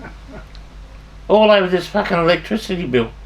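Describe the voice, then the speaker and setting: This older man, Australian-accented, has a high-sitting, creaky voice with lively intonation and a brisk pace, over slight background noise. He spins rambling, salty stories from his past, swearing freely and frequently restarting sentences.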